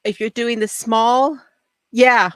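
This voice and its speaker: A woman's voice: fairly high pitch, takes it slowly, no room sound. Bubbly woman hosting a crafting chat. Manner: bubbly and excitable, laughs often. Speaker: knitting video host.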